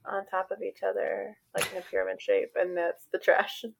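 Bubbly woman cohost chatting on a podcast, lively and giggly. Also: mid-range voice, moderate pace, gravelly, slight background noise. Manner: bubbly and animated, laughs often. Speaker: podcast co-host. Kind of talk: casual chat.

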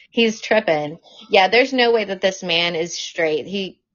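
A woman guest on a podcast, talking casually in an animated, outspoken way with plenty of profanity, in a dull lo-fi recording. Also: medium pitch, takes it slowly. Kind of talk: casual conversation.

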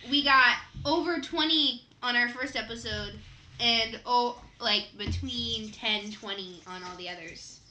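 A woman's voice: on the high side, unhurried, pushed and bright. A young Midwestern American woman co-hosting a podcast, chatting casually and laughing often. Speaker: podcast co-host. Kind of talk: casual chat. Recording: echoey room with faint noise.

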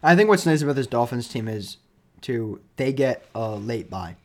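A man co-hosting a casual sports podcast, opinionated and excitable, tossing out quick takes and agreeing often with "yeah". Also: mid-range voice.

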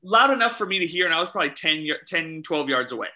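A man chatting casually, telling animated stories about refereeing youth soccer and quoting the people involved. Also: fairly high pitch, fast talker, low-quality recording. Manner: animated storyteller, quotes himself and others. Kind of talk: casual chat, storytelling.

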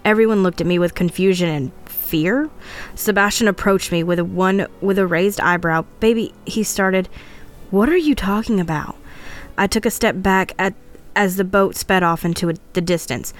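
A woman's voice: lowish voice, steady tone, normal speed. A woman podcast co-host narrating a first-person tale with emotional storytelling.

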